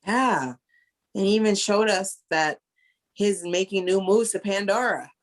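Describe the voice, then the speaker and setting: A Caribbean American woman co-hosts a loose podcast chat, a little drunk and wandering through her points. She laughs often, trails off and teases, in a voice of middle pitch. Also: measured pace. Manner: rambling, laughing, playful. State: tipsy. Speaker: podcast co-host; entertainment lawyer.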